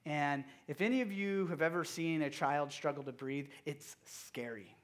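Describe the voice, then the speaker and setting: A man preaching to a youth group as their pastor. He asks the audience direct questions and swings between loud emphasis and hushed, quiet moments. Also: fairly high pitch, normal speed. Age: young adult or middle-aged father of a toddler. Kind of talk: sermon.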